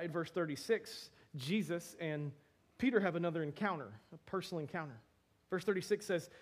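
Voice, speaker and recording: High-voiced man preaching animatedly. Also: breathy edge. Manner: animated, acts out dialogue with laughs and asides. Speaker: pastor. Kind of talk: sermon.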